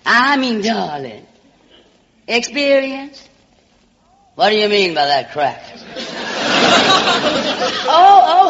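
A woman with a Southern US accent hosting a radio variety show, delivering a comic monologue in a theatrical drawl, calling everyone darling. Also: medium pitch. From Alabama, US South. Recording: muffled old radio broadcast with hall reverb and faint hiss.

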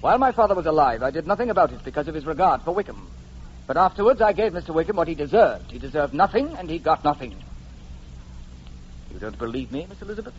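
An actor playing a proud, reserved young gentleman who talks in a stiffly formal, halting way, in a radio play on a dull lo-fi recording. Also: a little high, very animated, slight background noise. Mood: earnest. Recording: dull lo-fi sound.

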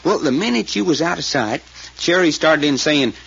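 An actor playing a folksy, nervous rural eyewitness who rambles in rustic grammar, in 1940s radio acting. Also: male voice, fairly high pitch, expressive, normal speed, creaky, fairly bright tone, husky, heavily acted. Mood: telling. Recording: dull old radio recording with faint hiss.

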